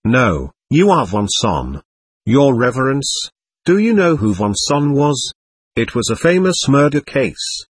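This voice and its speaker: A man voicing a scheming, shameless old buffoon who taunts everyone, in a lively, husky storybook reading. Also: medium pitch, slow, dry recording, heavily acted. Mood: mocking. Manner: impudent, taunting.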